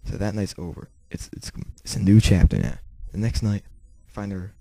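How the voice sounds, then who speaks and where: A teenage boy talks straight to camera in a rambling, casual way, full of fillers and swearing. His voice sits fairly low and has a gravelly edge. The tone is very dark, and his volume rises and falls throughout. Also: moderate pace, no echo. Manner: volume swings between quiet and loud. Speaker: vlogger. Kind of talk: casual storytelling monologue.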